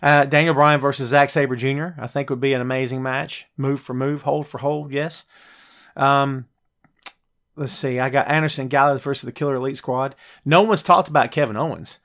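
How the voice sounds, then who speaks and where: A man's voice: steady tone, fairly bright tone. Chatty male wrestling show host. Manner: chatty, jokey, addresses live viewers directly; puts on quick high voices when quoting wrestlers. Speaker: podcast host. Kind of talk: casual wrestling talk show.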